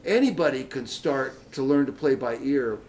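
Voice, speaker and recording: A man's voice: medium pitch, normal speed, slight background noise. A man who teaches ukulele, from Detroit, telling stories and explaining music in a radio interview. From Detroit, Michigan. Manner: lively teacher, hums and laughs while explaining. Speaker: ukulele instructor, guest.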